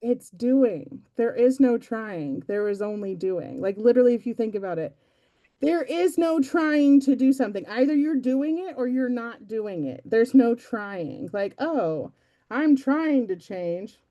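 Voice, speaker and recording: A woman's voice: on the high side, lively intonation, unhurried, mellow. A young adult woman giving a casual, chatty motivational talk to her team, self-deprecating and full of fillers. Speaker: team meeting speaker.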